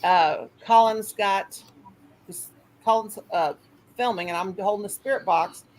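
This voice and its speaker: A middle-aged woman hosting a livestream, talking in an excitable, chatty, rambling way. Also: medium pitch, measured pace, low-quality recording. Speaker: livestream host. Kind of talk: casual livestream chat. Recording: faint background noise.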